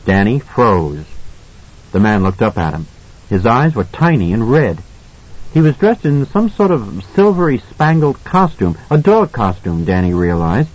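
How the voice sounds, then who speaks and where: A man narrating an audiobook in a measured, suspenseful reading style. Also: lowish voice, big pitch swings, lo-fi sound. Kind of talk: scripted narration.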